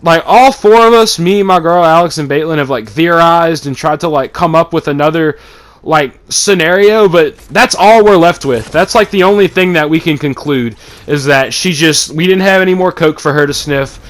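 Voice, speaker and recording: A man's voice: fairly high pitch, moderate pace, a bit bright. Swearing man telling a story. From East Texas. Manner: rambling, swears a lot, acts out quotes. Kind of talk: casual profane storytelling.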